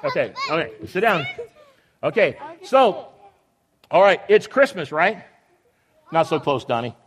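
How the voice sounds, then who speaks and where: A man's voice: a little high, sing-song, unhurried, background noise. A man leading a children's Christmas program on a church stage, upbeat and coaxing, teasing the kids as he goes. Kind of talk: lively emcee talk to children on a stage.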